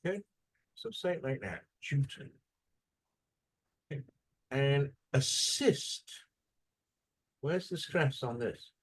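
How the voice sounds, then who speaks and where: A husky-voiced male teacher leads a classroom English lesson at an unhurried pace. His pitch rises and falls freely as he quizzes students and models how words are stressed. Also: expressive. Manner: questioning, drills pronunciation by modeling words.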